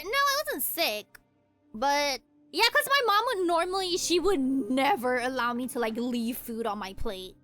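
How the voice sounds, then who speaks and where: A young woman streaming a game from home, telling rambling stories in a casual, animated way. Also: sits high. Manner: animated rambling storytelling with frequent laughs. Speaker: VTuber streamer. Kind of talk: casual chat while playing a game.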